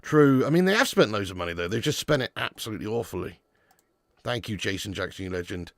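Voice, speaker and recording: A man's voice: lowish voice, animated, fast, no room sound, studio quality. A man hosting a live football watch-along, bantering with his chat and flaring into mock outrage at players. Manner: banter-heavy, shouts in mock outrage, reads out super chats. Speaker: football fan channel host.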